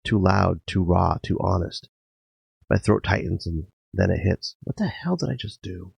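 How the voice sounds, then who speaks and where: Gravelly low-voiced man narrating intensely. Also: animated, moderate pace, dry recording. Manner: intense, emotional, swinging between quiet and sudden loud outbursts. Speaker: podcast host. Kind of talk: dramatic first-person narration. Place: garage.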